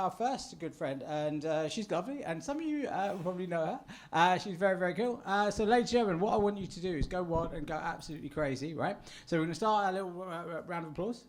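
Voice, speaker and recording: A male comedy host works the crowd in a chatty, animated stand-up style. His voice sits high for a man. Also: slight background noise. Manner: chatty, animated, keeps adding "right?".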